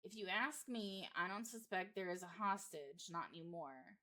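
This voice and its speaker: A woman voicing a calm, in-charge small-town male sheriff in a horror game, read plainly without a put-on accent. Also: sits high, moderate pace. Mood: authoritative.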